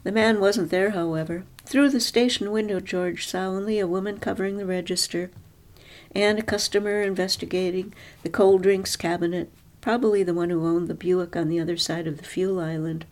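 A woman narrating a story in a measured, even storytelling manner. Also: lowish voice.

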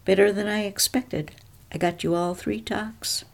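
A woman voicing a brisk, balding older businessman who acts as a supervisor, speaking in a matter-of-fact way. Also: mid-range voice, steady tone, vocal fry.

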